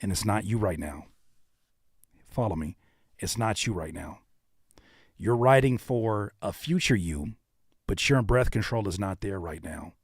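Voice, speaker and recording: A man's voice: on the low side, expressive, measured pace, long pauses, slightly rough, no echo, clean studio sound. A man hosting a livestream, giving blunt, coaching critiques of submitted songs. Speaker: music reviewer and livestream host.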